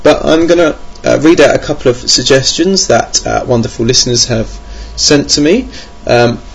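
Male podcast host, young, gravelly and husky, rambling self-mocking chat. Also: medium pitch, normal speed. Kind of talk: casual podcast monologue. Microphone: home computer mic.

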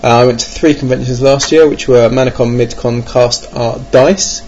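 This Englishman has a mid-range, somewhat dark voice, holding a steady tone at a moderate pace. A board game vlogger, he rambles through his gaming plans in a wry, self-mocking monologue full of ums and hesitations. The recording is dull and lo-fi, with faint noise.

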